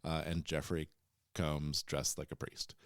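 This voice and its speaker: A man's voice: a bass voice, level tone, measured pace, clear, resonant tone, no room sound, clean studio sound. A man co-hosting a podcast, retelling a story in casual chat and breaking into playful silly voices for the characters. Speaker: podcast co-host.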